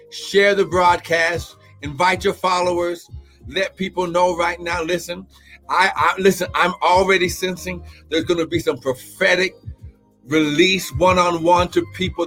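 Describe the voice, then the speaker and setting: Fervent, whooping preacher man. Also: sits high. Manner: fervent, shouts and whoops, speaks in tongues. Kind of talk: charismatic live-stream sermon and prayer.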